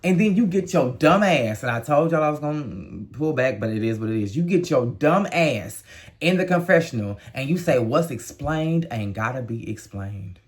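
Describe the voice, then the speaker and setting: A man talking casually in a review vlog. He gives blunt, emotional opinions and now and then jumps up into high exclamations. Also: animated, normal speed. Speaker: reality TV reviewer.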